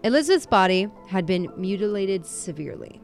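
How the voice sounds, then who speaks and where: A woman's voice: medium pitch, big pitch swings, fairly quick, gravelly, faint music behind. A woman co-hosting a casual true-crime podcast, chatty and self-deprecating, laughing often. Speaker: podcast co-host.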